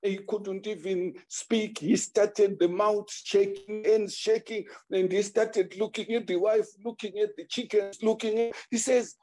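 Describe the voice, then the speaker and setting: Warm-voiced storyteller man. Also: sits high, a little slow, few pauses. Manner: animated, acts out the characters. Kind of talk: oral folk storytelling.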